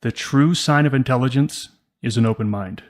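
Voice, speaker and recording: A man's voice: mid-range voice, moderate pace, a little mellow. A man co-hosting a casual podcast conversation, speaking emphatically and acting out quoted thoughts. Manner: emphatic, acts out quoted inner voices. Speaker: podcast co-host.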